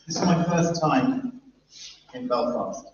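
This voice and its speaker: A man's voice: a little high, lively intonation, slow pace. A man, giving a chatty, jokey conference talk and talking with the crowd. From London, England. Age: 50s. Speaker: guest speaker at an industry event. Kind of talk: conference talk to a live audience. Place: large echoey event room. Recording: echoey, muffled, distant with faint noise.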